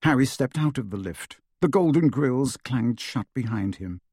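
A man narrating an audiobook in an expressive, measured storytelling voice on a close studio mic. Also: mid-range voice, breathy edge, no echo.

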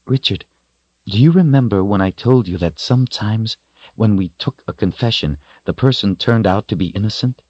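Man doing stern young woman confessor, raised pitch, firm. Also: animated, moderate pace, a little mellow, slightly rough, no echo, muffled recording. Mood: explaining. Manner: stern, admonishing.

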